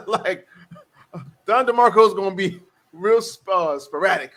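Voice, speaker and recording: A man hosting a casual live-streamed podcast, bantering loudly, joking and calling out to the chat. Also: sits high, animated. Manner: loud joking banter, quick asides to chat. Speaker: podcast host.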